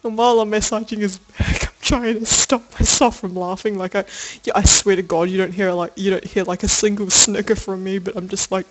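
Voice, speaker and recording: A woman's voice: mid-range voice, fairly even intonation, a little fast, hardly any pauses. A young woman telling a personal story for a video diary, rambling with lots of fillers, laughter and casual swearing. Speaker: video diarist.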